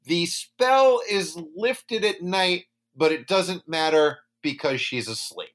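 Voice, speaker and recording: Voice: mid-range voice, takes it slowly, fairly bright tone. A podcast co-host recapping a film in casual, jokey chat, often slipping into mock voices.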